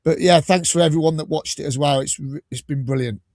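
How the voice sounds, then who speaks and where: A man's voice: on the high side, fast talker, dry recording, studio quality. Chatty Midlands man telling stories. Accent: English Midlands. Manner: chatty storyteller, lively and animated. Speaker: podcast host. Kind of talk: casual chat.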